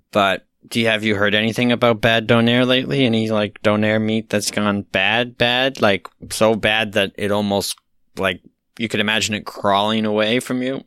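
A man's voice: on the low side, a bit bright, smooth, no room sound, studio quality. A man playing in a tabletop game, playful and rambling. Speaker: player. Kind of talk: tabletop role-play.

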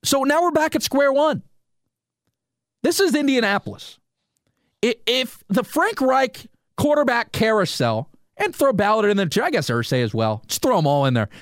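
Very high-pitched and delivered at a normal speed, the voice belongs to a man recorded dry with studio quality. A sports radio host running a solo podcast, he rants in an animated way, poses rhetorical questions, and addresses his audience head-on.

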